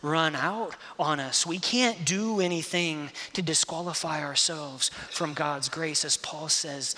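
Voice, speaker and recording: Male pastor, sermon, impassioned and dynamic, sharp bright tone, reverberant hall. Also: fairly high pitch, fairly even intonation, takes it slowly, few pauses, a little hiss or hum. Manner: impassioned, swings between hushed and loud.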